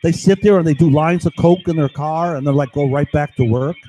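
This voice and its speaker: A man's voice: a little high, fairly quick, warm tone, rough recording. A man telling a long, agitated story on a live stream, swearing often and tagging his sentences with "right?". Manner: agitated, profane, keeps asking "right?". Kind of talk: rambling monologue.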